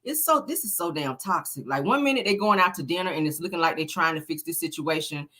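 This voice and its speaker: A woman's voice: sits low, lively intonation, quick pace, sharp tone. A woman hosting a celebrity gossip show, talking in a chatty, exasperated, slangy way. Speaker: show host.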